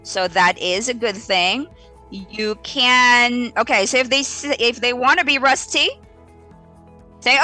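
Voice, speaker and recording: Woman ESL teacher on a live stream, animated and unhurried, with a bright, higher voice and faint music behind. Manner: animated, models exaggerated reading voices.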